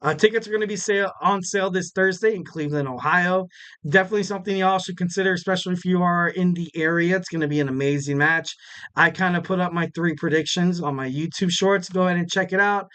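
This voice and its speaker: Young male podcast host, casual solo recap, slightly high and smooth voice, loose and rambling with playful asides. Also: fairly even intonation, fast talker, fairly bright tone. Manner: loose and rambling, many fillers, jokey asides with laughs.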